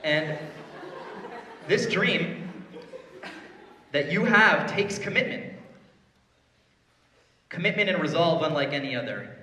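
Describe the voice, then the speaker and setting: A man giving a live spoken word performance, teasing a volunteer and swinging between hushed talk and yelling. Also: on the high side, animated, normal speed, pauses often. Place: performance hall before a live audience. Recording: echoey hall, voice caught from a distance.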